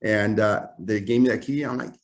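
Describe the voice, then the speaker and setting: A man in his fifties with a lowish voice and normal pace, he's a tailor of suits appearing as a relaxed interview guest. Confident and spirited, he tags many remarks with "right?"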